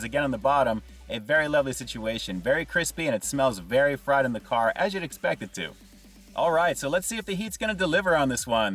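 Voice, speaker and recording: A man's voice: a little high, a bit bright, recorded from a distance. A man hosting a casual food review from inside a car, upbeat and chatty, who keeps calling his viewers "guys". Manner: upbeat, keeps saying "guys" and "really digging".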